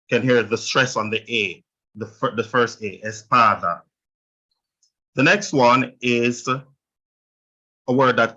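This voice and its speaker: A man's voice: medium pitch, sharp tone, dull audio. A man with a Jamaican accent teaching a Spanish lesson, walking through the rules step by step and checking in with his class. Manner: explains step by step, checks in with "right?". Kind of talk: online language lesson.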